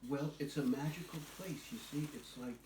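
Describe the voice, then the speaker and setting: Older grandfather telling a story, far from the mic. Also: a little high. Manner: gentle, patient, slow storytelling. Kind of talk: bedtime storytelling. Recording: echoey, distant, noisy home recording.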